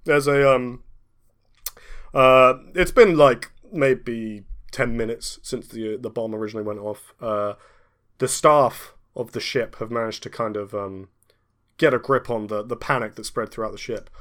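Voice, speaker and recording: A man narrating as game master, talking haltingly with many pauses and restarts. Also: medium pitch, steady tone, fairly bright tone.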